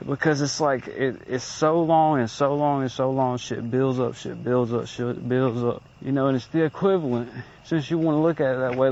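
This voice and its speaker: A man's voice: mid-range voice, darkish tone, muffled recording. A man in his late twenties venting in a profane, agitated rant, recorded outdoors on a handheld recorder. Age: late 20s.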